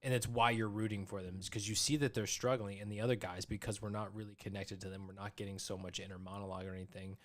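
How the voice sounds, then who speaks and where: A man co-hosting a movie review podcast, talking casually and excitedly into a close mic, with quick restarts. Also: fairly low pitch. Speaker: podcast co-host.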